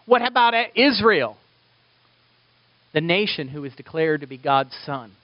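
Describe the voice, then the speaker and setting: A male pastor delivering a sermon in an animated way, swinging between emphatic peaks and soft, quiet drops, on a dull lo-fi recording. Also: a little high, unhurried, no room sound.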